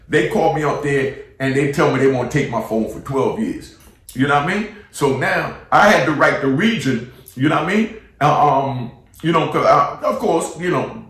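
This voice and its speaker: A man's voice: fairly high pitch, fairly bright tone. New York man telling stories in an echoey room. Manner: street slang, repeats "you know what I mean". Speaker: former inmate storyteller. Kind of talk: casual storytelling monologue. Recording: echoey room, mic at a distance.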